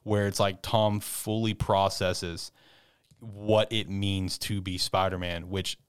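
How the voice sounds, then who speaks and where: Man, low smooth voice, loose rambling film chat. Casual co-host. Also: flat delivery, slow, no echo, clean studio sound. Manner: rambling, full of "like" and "you know", acts out quotes. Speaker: podcast co-host discussing a film.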